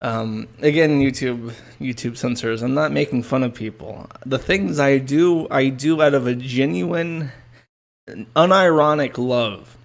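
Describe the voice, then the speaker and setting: Man, stream host, casual commentary, sardonic and profane, mid-pitched voice. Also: measured pace, creaky.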